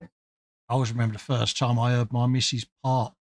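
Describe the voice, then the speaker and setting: A man's voice: mid-range voice, level tone, normal speed, no room sound. A British man co-hosting a casual late-night chat, bantering and telling stories with acted-out quotes. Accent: British English. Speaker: co-host.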